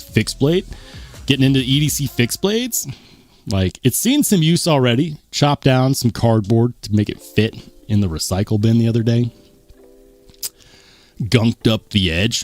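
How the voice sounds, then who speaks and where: A man hosting a live stream in casual chat, reading viewer comments aloud and reacting in an upbeat, rambling way. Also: mid-range voice. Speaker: livestream host.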